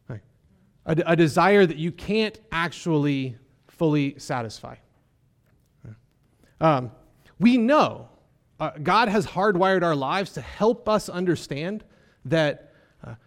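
Slow, earnest male preacher. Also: on the high side. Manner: earnest, emphatic preaching with rhetorical questions. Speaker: pastor. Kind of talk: sermon.

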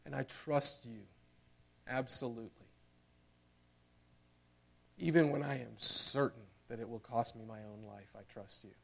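A male pastor delivering a sermon in a church. His voice sits in an ordinary middle range and stays earnest throughout. At the key moments he rises in volume and pitch. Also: fairly even intonation, unhurried, gravelly, long pauses. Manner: earnest preaching, swelling louder and higher at climaxes.

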